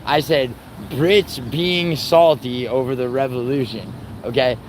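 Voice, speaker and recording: A man's voice: medium pitch, fairly even intonation, measured pace. A young man, livestreaming outdoors on a city street and trading profane, teasing banter with his chat. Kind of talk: casual livestream chat with viewers. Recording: faint street and traffic noise.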